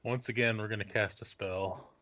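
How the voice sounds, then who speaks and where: Bright-voiced man at the game table. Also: fairly low pitch, fairly even intonation, normal speed. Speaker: player. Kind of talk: casual tabletop play. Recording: dull lo-fi mic with faint noise.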